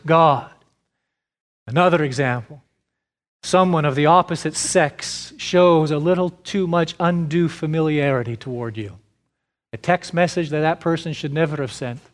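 Slow, deliberate preaching man. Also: fairly high pitch. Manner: slow, deliberate preaching with repeated rhetorical questions. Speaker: pastor. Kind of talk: sermon.

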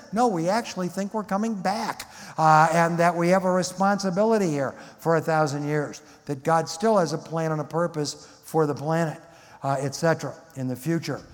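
A man preaches a Bible lecture with emphatic delivery and frequent rhetorical questions. His voice sits a little higher than most men's. A long reverb rings through the large auditorium. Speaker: Bible teacher. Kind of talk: sermon-style Bible lecture.

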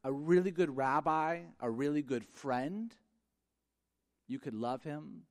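A man's voice: on the high side, slow. Conversational man preaching a sermon. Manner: conversational, animated, acts out quoted exchanges; drops to a soft, quiet voice at times. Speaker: pastor.

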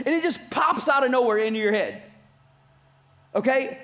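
A pastor delivers a sermon with a strikingly high-pitched male voice. He preaches emphatically, hammering home his points through repetition, as if speaking in a church. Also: animated, normal speed, a bit bright. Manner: emphatic preaching with repeated phrases.

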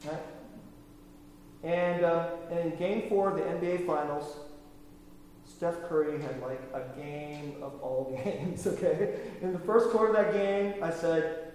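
A man's voice: a little high, measured pace, a little mellow, a little hiss or hum. A man preaching a sermon in a conversational, emphatic way, often checking in with the congregation. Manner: conversational, emphatic, frequent tag questions. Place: church sanctuary. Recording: echoey hall from far off.

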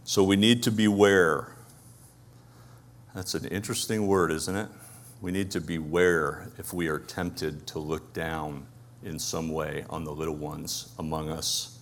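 A man's voice: very deep voice, fairly even intonation, unhurried, slight background noise. A man with a Brooklyn accent preaching a conversational sermon, asking his listeners rhetorical questions. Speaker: pastor.

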